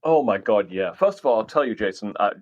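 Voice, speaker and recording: A British guest historian, whose accent has been softened by years in the US, talks in a casual podcast conversation. His low, darkish voice is animated and fast, captured in a dry, close, muffled recording without room sound, and he's chatty and self-deprecating with many fillers.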